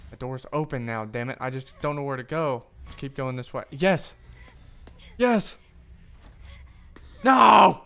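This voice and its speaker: Loud, profane man streaming a game. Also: medium pitch, fairly even intonation, fairly quick, hardly any pauses, smooth. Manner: loud, profane, jokey reactions. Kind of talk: live gameplay commentary.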